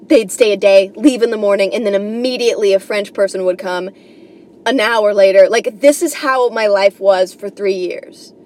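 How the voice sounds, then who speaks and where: A woman's voice: mid-range voice, moderate pace, darkish tone. A young woman from New York hosting a comedy podcast, rambling and swearing, with lots of "like" and "you know". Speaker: podcast host. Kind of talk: casual comedic monologue.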